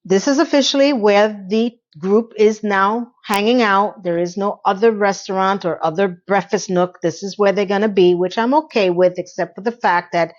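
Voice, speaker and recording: A woman recapping a TV episode in a chatty, opinionated way, wandering into asides and acting out bits of dialogue. Her voice sits at an ordinary middle pitch. The recording sounds a little dull and lo-fi. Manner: acts out characters' lines in quick quotes. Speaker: TV recap reviewer. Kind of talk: casual recap commentary.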